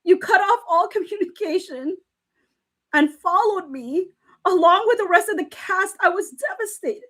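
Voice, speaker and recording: A woman with a high voice hosts a casual live stream. She reads text messages aloud and reacts to them, laughing and getting teary as she goes. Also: lively intonation, moderate pace, fairly bright tone. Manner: emotional, laughing and near tears while reading. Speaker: livestream commentator. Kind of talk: casual live commentary reading texts aloud.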